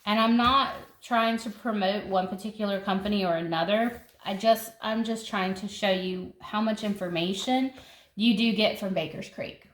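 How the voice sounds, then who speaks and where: A woman with a medium-pitched voice speaks at a moderate pace while she enthusiastically browses a seed catalog for her gardening vlog, thinking aloud as she goes. The room sounds echoey, with faint noise.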